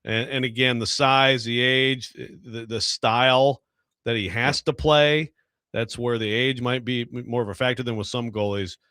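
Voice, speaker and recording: A man's voice: mid-range voice, fairly even intonation, normal speed, bright, forceful tone, clear, resonant tone, no room sound, studio quality. A man co-hosting a sports talk radio show, talking casually and hesitantly with many "you know" fillers.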